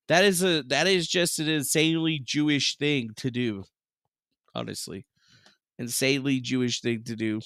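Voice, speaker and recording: A man's voice: mid-range voice, fairly even intonation, normal speed, a bit bright, no echo, clean studio sound. A male streamer chatting casually on a livestream, rambling, sarcastic and full of profanity.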